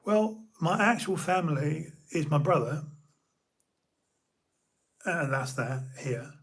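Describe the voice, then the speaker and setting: A young man from the UK, streaming an emotional personal monologue, halting and repeating his words as he talks. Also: fairly high pitch, expressive, slightly rough.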